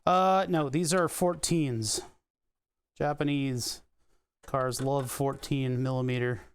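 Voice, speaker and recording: A man's voice: mid-range voice, fairly even intonation, takes it slowly, smooth. A man from Philadelphia with his local accent, chatting casually while taking apart a piece of studio gear on a live stream, muttering to himself and swearing at stubborn bolts. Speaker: electronics repair streamer. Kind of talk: casual live teardown chat.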